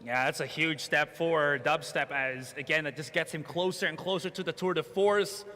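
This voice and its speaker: A high, bright-toned man casting a video game tournament, breaking down plays and joking between rounds. His voice rings out with a long hall reverb, and a faint hiss sits underneath. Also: moderate pace. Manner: excitable, jokey analysis. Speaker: esports caster. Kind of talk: play-by-play commentary.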